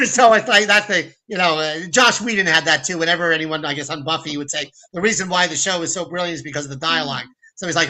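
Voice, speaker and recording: A man's voice: on the high side, brisk, poor audio. A man, a film director as a guest, telling stories in a casual interview, acting out quotes and often restarting his sentences. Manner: animated, acts out quotes in put-on voices, many restarts.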